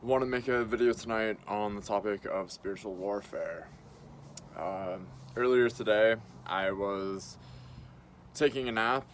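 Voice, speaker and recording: A man talking casually to camera in a halting way, with many pauses and fillers. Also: lowish voice, slight background noise. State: groggy and short on sleep. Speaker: video blogger. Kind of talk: casual spoken monologue to camera.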